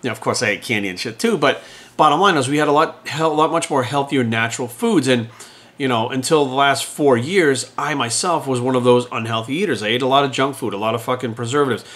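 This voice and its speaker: A man's voice: medium pitch, fast talker, a bit bright. A man in his forties, a fitness trainer, ranting bluntly and profanely in an unscripted talk to camera. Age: 40s.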